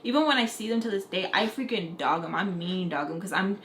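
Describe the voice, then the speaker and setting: A woman's voice: medium pitch, a little fast. A young woman with an American accent from Utah, casually telling a personal story and acting out her family's voices. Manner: animated, acts out quoted voices of family. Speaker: vlogger telling a story time. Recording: echoey room, faint noise.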